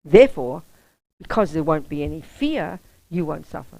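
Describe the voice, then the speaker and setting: Blunt, animated woman giving a dharma talk. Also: deep voice, moderate pace, gravelly, dry recording, poor audio. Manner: blunt, lively, keeps checking the audience understands. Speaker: Buddhist nun and teacher. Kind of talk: public dharma talk with personal storytelling.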